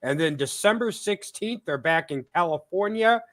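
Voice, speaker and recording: Chatty, fairly high-voiced podcast co-host man. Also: lively intonation, moderate pace, a bit bright. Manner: chatty, announces event dates. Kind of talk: casual podcast chat.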